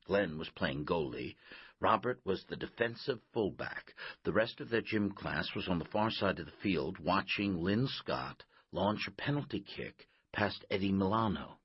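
Man, audiobook narrator, very deep, husky, lively pitch, slow. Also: no room sound, muffled recording. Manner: measured, expressive.

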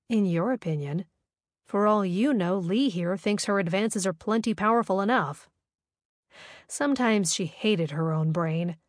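A woman reading a romance novel aloud in smooth, even scripted narration. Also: fairly low pitch, no echo, studio quality. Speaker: audiobook narrator.

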